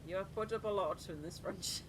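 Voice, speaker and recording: In casual chat on her live stream, a woman with a mid-range voice talks a little fast, laughing often as she tells stories and mimics other people. Background noise is clearly audible.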